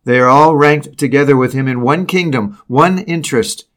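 A man of ordinary mid pitch reads an old sermon aloud. He is solemn and measured, and he slows down to weigh the key phrases. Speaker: preacher reading a sermon.

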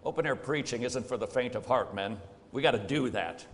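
A man's voice: medium pitch, fairly quick. A man preaching a sermon, emphatic and plain-spoken, firing off rhetorical questions. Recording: long hall reverb.

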